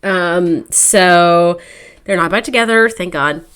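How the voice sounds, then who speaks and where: A young woman co-hosting a podcast, chatting casually as she recaps a novel and quickly acts out the characters' lines. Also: lowish voice, fairly bright tone, smooth. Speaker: podcast co-host. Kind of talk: casual chat recapping a book.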